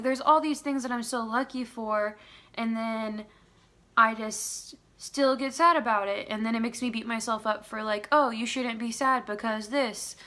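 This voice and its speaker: A woman's voice: on the high side, a bit bright. A woman in her twenties talking candidly in a casual confessional vlog at home, rambling with lots of "um" and "like" and tending to be self-critical. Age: 20s. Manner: rambling, full of "um" and "like". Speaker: vlogger.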